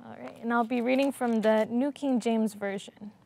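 A woman taking part in a Bible study, reading a scripture passage aloud with steady emphasis. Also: on the high side, normal speed, creaky.

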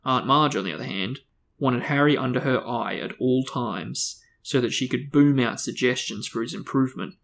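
Gravelly man reading a novel aloud. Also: medium pitch, normal speed, a bit bright. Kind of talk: reading a book aloud for discussion.

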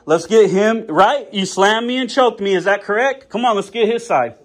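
A man filming a heated encounter on a handheld phone, loud and insistent, repeating his demands. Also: sits high, normal speed. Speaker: video channel host, auditor. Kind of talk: confrontational on-camera filming.

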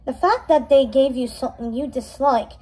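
A woman reading aloud as a flat-toned, commanding queen mother who schools her daughter in power. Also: sits high, normal speed, slightly rough, poor audio. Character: imperious scheming queen mother, middle-aged woman.

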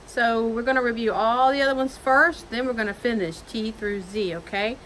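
A woman teacher giving a phonics lesson to young children from home, slowly sounding out letters in a sing-song way. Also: fairly high pitch, a bit bright, a little hiss or hum. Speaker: elementary school teacher.

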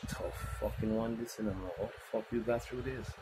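A man's voice: on the low side, steady tone, moderate pace. A man delivering a profane, rambling monologue about his life. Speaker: musician telling his story. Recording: loud background noise.

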